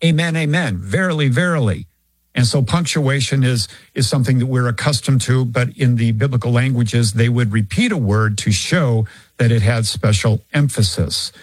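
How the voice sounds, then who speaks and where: A man teaching scripture in a lively explanatory manner, acting out little examples as he goes. His voice sits at a middle pitch. The recording is dry and close. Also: normal speed, dry recording, low-quality recording. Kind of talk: recorded Bible teaching answer.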